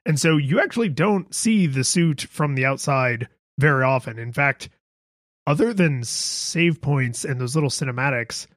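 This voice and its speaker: A man's voice: medium pitch, lively intonation, moderate pace, a bit bright, dry recording. Chatty man on a dry podcast mic. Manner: chatty, laughs easily, does little sound effects. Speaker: podcast co-host. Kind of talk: casual chat about video games.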